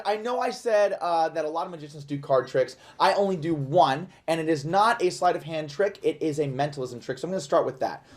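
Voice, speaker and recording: Brief: male magician, showy self-mocking patter, animated pitch. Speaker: magician performing for a live audience.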